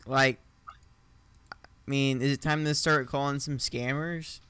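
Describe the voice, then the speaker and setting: A man's voice: medium pitch, steady tone, takes it slowly, pushed and bright, clean tone. A man streaming a game and chatting casually with a friend, joking and chuckling as he goes.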